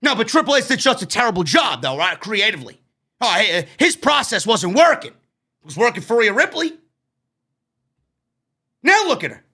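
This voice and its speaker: A man with a New York accent ranting loudly and profanely while reviewing a wrestling show. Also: sits high, sing-song, moderate pace, long pauses, slightly rough. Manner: loud profane ranting, frequent shouting.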